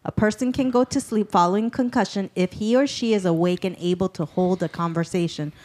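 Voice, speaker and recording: A woman's voice: mid-range voice, steady tone, a little fast, darkish tone. Joking woman in casual chat. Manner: joking asides, reads definitions aloud.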